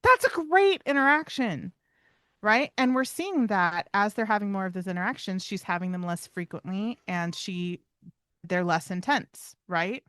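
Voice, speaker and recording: A woman's voice: medium pitch, animated, moderate pace, a bit bright, no echo, clean studio sound. A woman co-hosting a podcast, explaining dog behavior in casual chat and acting out little bits of dog dialogue. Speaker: podcast co-host, dog trainer.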